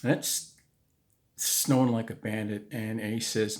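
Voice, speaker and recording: A man's voice: fairly low pitch, level tone, a little slow. A man telling a true story in a casual, conversational way, with restarts and asides.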